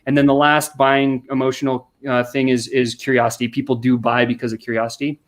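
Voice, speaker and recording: A man's voice: medium pitch, fairly quick. A man on a podcast explaining sales questions, talking energetically and acting out customer replies with frequent restarts. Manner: energetic, acts out customer quotes, many restarts. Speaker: sales coach guest. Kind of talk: podcast conversation.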